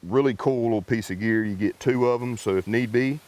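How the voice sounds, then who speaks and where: A man casually explaining outdoor gear in a rambling, relaxed way, talking outdoors in the woods. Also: mid-range voice, brisk. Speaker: gear reviewer. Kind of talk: casual unboxing vlog.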